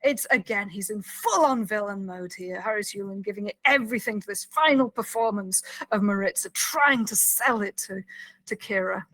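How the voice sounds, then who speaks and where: A woman's voice: mid-range voice, normal speed, no echo, poor audio. Woman recapping a scene on a podcast. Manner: narrates the scene step by step, with excited commentary. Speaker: podcast co-host. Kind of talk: episode recap storytelling.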